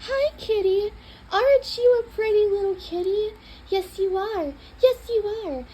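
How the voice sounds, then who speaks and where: A woman's voice: high voice, expressive, measured pace, slight background noise, poor audio. A woman voicing a flustered cat owner who coaxes, bosses and begs a stubborn cat, in an exaggerated storybook reading. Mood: sugary coaxing. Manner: exaggerated sugary then blustering, squealing.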